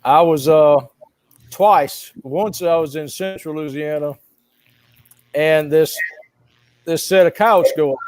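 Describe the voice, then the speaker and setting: Brief: slow, emphatic man, guest on a live call, dry close sound. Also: on the high side, darkish tone, no echo, poor audio. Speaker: guest sharing field experiences. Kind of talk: casual storytelling on a live call.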